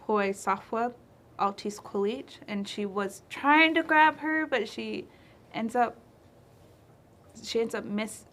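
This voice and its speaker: A woman storyteller telling a traditional tale in a relaxed, chatty way with playful asides. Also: on the high side, slow, pauses often. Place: library.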